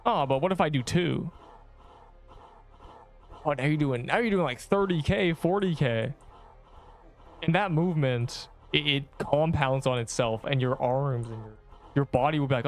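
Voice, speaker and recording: A man's voice: a little high, normal speed, long pauses. A young man streaming a game, joking and rambling as he teases the viewers in his chat. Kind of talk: casual gameplay livestream chat.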